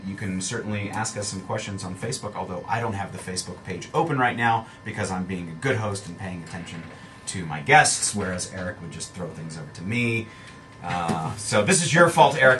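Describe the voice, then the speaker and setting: A man's voice: deep voice, moderate pace, fairly bright tone, far from the mic, slight background noise, poor audio. Joking man hosting local radio. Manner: joking, hesitant with many fillers. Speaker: radio host. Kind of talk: casual radio chat.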